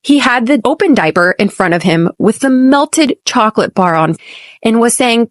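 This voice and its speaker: American woman, podcast teacher, higher voice, clear deliberate delivery, dry close sound. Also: lively intonation, dry recording. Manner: clear, deliberate, models phrases slowly for repetition. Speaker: podcast host and English teacher. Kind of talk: scripted English lesson podcast.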